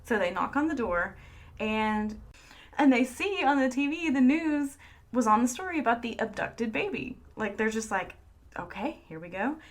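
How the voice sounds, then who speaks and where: A woman's voice: fairly high pitch, animated, normal speed. A woman co-hosting a podcast, telling a story in a casual, chatty way and laughing often. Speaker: podcast co-host. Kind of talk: casual chat.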